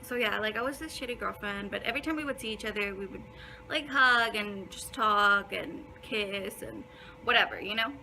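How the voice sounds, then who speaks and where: A woman's voice: medium pitch, normal speed, creaky, sharp tone, slight background noise, poor audio. A young woman telling a casual storytime in a blunt way, swearing a lot and filling her talk with "like". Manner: blunt, heavy swearing, many fillers. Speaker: vlogger.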